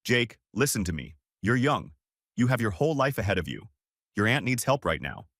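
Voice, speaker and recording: A man's voice: on the low side, sing-song, normal speed, fairly bright tone, no room sound, studio quality, exaggerated voice. A man voicing a stubborn older grandfather in a read-aloud family story, cold and commanding. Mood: stern.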